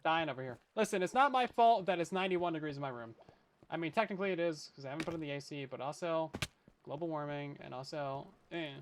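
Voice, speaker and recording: There's slight background noise as a young man from Canada talks fast in a slightly high voice. He's streaming a survival game from his hot bedroom, keeping up casual gameplay commentary and joking around with viewers at his own expense.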